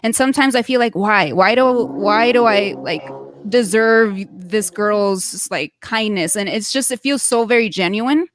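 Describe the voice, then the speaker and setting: A woman's voice: mid-range voice, measured pace, slight background noise. A woman hosting a podcast over a video call, speaking in a rambling, casual way. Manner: rambling, warm-hearted, many fillers and restarts. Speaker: podcast host. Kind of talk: casual chat.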